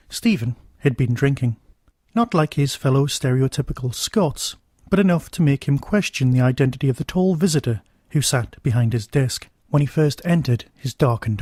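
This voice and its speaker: A man, the host of a podcast, narrating a short story in a measured, steady reading. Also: mid-range voice, dry recording, studio quality.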